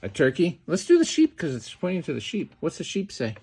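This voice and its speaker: A man's voice: on the high side, huge pitch swings, fairly quick, darkish tone, slight background noise. An older man and grandfather, teaching a small child at home in a playful, sing-song way and often repeating himself. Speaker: grandfather host.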